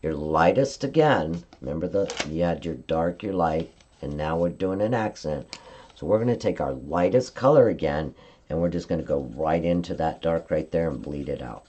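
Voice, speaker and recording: Brief: woman craft demonstrator, low warm voice, chatty step-by-step coaching on a live stream. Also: lively intonation, moderate pace. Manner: chatty step-by-step instruction, frequent "okay?" check-ins. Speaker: card-making demonstrator.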